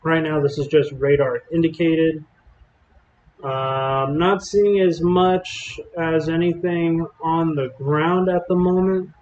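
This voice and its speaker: Chatty storm-chasing streamer, echoey lo-fi. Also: male voice, on the high side, fairly even intonation, slow pace, darkish tone. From Texas. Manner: chatty, rambling, drawling with fillers. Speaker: live storm-coverage streamer. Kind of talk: casual live-stream commentary.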